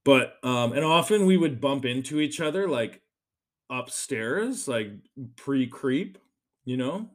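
A man with an expressive, medium-pitched voice takes his time as he hosts a podcast. His solo monologue is casual, rambling and chatty, full of swearing and frequent fillers.

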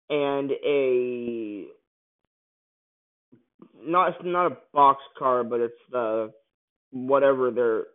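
A man angrily ranting through a movie review, swearing often and bursting out loudly now and then. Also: medium pitch. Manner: angry, profane ranting with sudden loud outbursts. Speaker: film reviewer. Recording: tinny phone-like sound.

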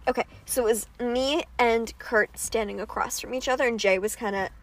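A woman's voice: on the high side, steady tone, moderate pace. A young woman hosting a podcast, telling a story in casual chat, laid-back and swearing freely. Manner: laid-back, swears freely, quotes people in put-on voices. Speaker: podcast host.

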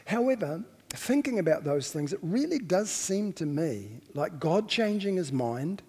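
A man's voice: high voice, a little mellow, slightly rough, in a large hall. A man preaching a sermon as a pastor, reflective and questioning, sometimes stopping to correct himself.

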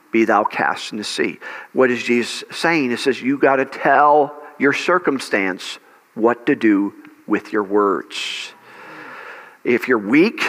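A male pastor preaches in a church sanctuary, his mid-pitched voice ringing out with a long hall reverb. He leans on key words, repeating them, and keeps asking the congregation questions. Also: fairly bright tone. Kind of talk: sermon.

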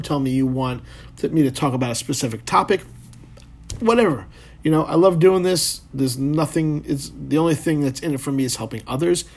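A man hosting a solo motivational podcast, talking in a loose, rambling way with plenty of fillers and swearing. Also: mid-range voice. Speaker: podcast host.

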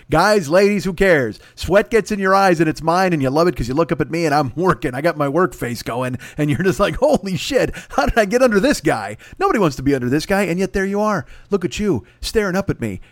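A man's voice: fairly high pitch, dry recording, clean studio sound. A man in his forties hosting a solo comedy podcast, ranting in a profane, rambling, self-mocking way into a microphone. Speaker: podcast host. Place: hot room with air conditioning running. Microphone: studio microphone.

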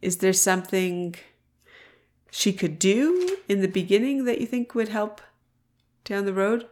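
A woman's voice: medium pitch, expressive, measured pace, darkish tone. A woman podcast host interviewing a guest in a friendly, encouraging way, laughing along. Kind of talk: casual interview conversation.

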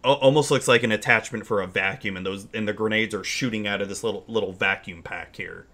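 A man with a somewhat low voice runs a tabletop game as game master. He describes the scene in a halting, searching way, full of fillers and restarts. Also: a bit bright.

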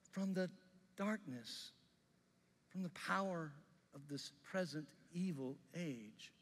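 A male pastor preaching a sermon with passion, rising loud and dropping soft. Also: sits high, a little slow, long reverb tail.

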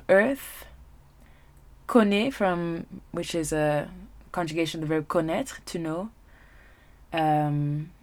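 Woman teaching french off song lyrics, real slow and patient, kinda low voice. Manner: slow and patient, reads French lines then translates. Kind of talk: relaxed lesson explaining French song lyrics.

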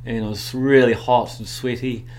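A man's voice: mid-range voice, steady tone, moderate pace. A man, chatting through a personal anecdote as an interview guest and repeating words as he recalls. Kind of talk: casual anecdotal storytelling.

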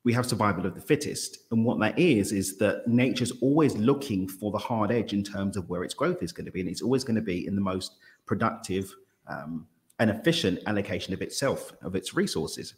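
Low-voiced man musing on nature. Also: brisk. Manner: reflective, expansive, stumbles over words when excited. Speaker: podcast guest. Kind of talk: casual conversational interview.

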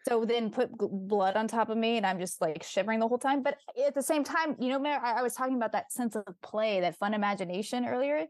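Young actress guest, chatty and upbeat with many restarts, dry close-miked sound. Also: female voice, on the high side, fast, few pauses, a little mellow, no room sound. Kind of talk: casual interview chat.

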